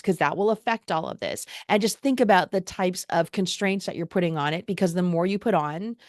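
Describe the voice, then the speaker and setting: A woman's voice: medium pitch, no room sound, studio quality. A woman teaching online ad marketing in a casual, upbeat screen-share tutorial, explaining step by step. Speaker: ad marketing instructor.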